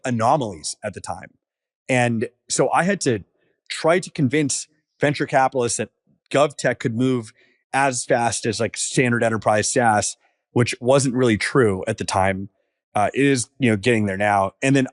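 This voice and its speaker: A man in his thirties, a startup founder, talking casually on a podcast with lots of fillers and quick asides. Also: medium pitch, dry recording, studio quality. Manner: casual, filler-heavy storytelling.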